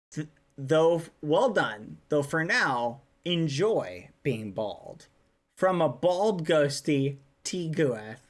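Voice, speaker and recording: Slow, lively-voiced woman streamer. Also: extremely low pitch. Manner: soft, affectionate, laughs often. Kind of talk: reading fan messages aloud on a livestream.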